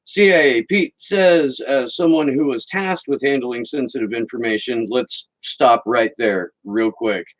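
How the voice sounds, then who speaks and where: A male podcast host delivers political commentary with a sarcastic, mocking edge. His pitch sits right in the middle for a man, and he reads quotes aloud between his jabs. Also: unhurried, few pauses, low-quality recording.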